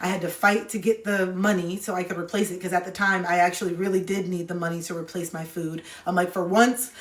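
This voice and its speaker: A woman's voice: fairly low pitch, level tone, fairly quick, echoey room. A woman in her thirties chatting candidly on a phone livestream, emotional and heartfelt, rambling with restarts. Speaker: livestreamer and card reader.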